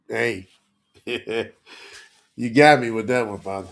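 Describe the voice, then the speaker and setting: A man's voice: medium pitch, slow, creaky, long pauses. A man teaching scripture on a live stream, emotional and teary, sweating, calling out to his viewers in the chat. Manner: emotional, preachy, talks to chat.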